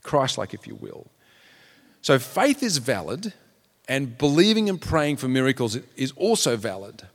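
A man of medium pitch preaches earnestly, his voice trailing into a long hall reverb. He leans into the story, raising his voice for the people in it. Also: very animated, unhurried. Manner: earnest, acts out quotes in raised voices. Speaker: pastor. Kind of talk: sermon.

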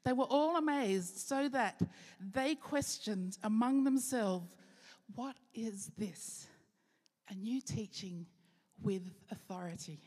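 A woman pastor giving an earnest sermon with rhetorical questions, slowing down for key phrases. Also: fairly high pitch, expressive, a little mellow. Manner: earnest preaching, rhetorical questions, slows for emphasis. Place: church hall. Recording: long hall reverb.

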